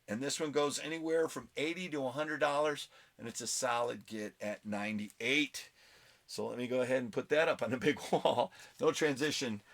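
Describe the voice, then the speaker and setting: A man's voice: mid-range voice, fairly bright tone. Male vlog host, mid-range voice, casual show-and-tell, chatty and self-mocking. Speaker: comic book collector vlogger. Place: at home.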